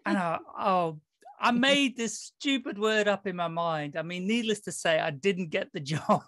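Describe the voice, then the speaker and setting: Chatty host, dry sound. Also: male voice, high voice, unhurried, a bit bright, dry recording. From Netherlands. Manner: chatty storyteller, laughs often. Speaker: podcast host. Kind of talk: casual interview chat.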